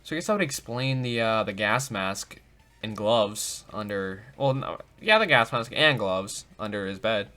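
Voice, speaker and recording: A man's voice: lowish voice, lively intonation, normal speed, bright, forceful tone. A man hosting a let's play who jokes about himself and talks to himself while he thinks things through. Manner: goofy, self-mocking, talks to himself. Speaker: gaming video host.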